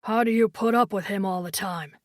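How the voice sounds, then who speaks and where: A woman's voice: mid-range voice, a little fast, no echo, voice pushed down, natural voice. A woman voicing a teasing alien warrior man with dry humor in an audiobook. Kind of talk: audiobook character voice.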